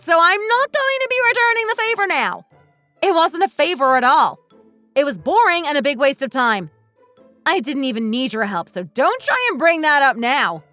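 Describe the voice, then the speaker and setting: A woman voicing a high, resentful wife. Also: fairly bright tone, no echo. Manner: bitter, accusing, blunt. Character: resentful wife fed up with her husband. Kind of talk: scripted dialogue drama.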